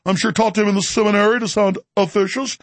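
Gravelly, combative male show host. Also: high voice, fairly even intonation, no echo. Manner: combative, sarcastic, rapid-fire. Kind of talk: ranting political commentary.

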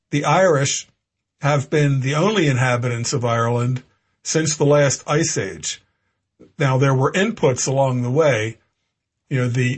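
A man's voice: medium pitch, slightly rough. A man hosting a political talk radio show, delivering a discursive, lecturing monologue with frequent restarts. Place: home studio in Florida.

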